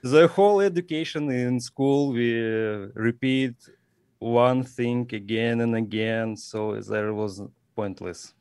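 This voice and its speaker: A man with a Russian accent, a guest speaking careful, halting English in a casual interview, pausing often to search for words. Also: mid-range voice, steady tone, a little mellow, clean tone, no room sound, studio quality. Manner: halting non-native English with searching pauses. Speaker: guest musician. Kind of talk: casual interview over a video call.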